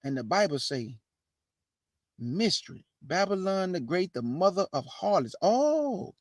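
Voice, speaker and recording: Guy preaching prophecy, kinda high voice, answers his own questions, dry close sound. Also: fairly bright tone, no room sound. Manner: preachy, calls audience family, answers imagined questions. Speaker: online preacher, show host. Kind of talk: street-style sermon on prophecy.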